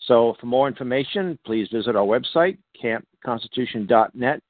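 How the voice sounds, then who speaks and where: A man's voice: medium pitch, lively intonation, normal speed, no room sound. Man from Boston, talk radio host, rambling with fillers, dry tinny phone-like audio. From Boston, USA. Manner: rambling, with many fillers and restarts.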